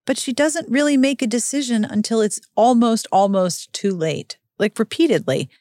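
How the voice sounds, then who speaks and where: A woman's voice: moderate pace, darkish tone, dry recording, studio quality. Wry, exasperated woman recapping a book. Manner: wry, exasperated commentary with sudden pitch jumps. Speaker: podcast host recapping a book. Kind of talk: casual spoken book recap.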